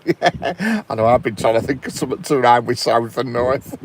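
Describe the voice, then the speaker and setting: A man's voice: medium pitch, animated, normal speed, slight background noise. A man in a parked car chatting casually on a live stream, greeting viewers by name and chuckling. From England. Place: inside a parked car by a railway.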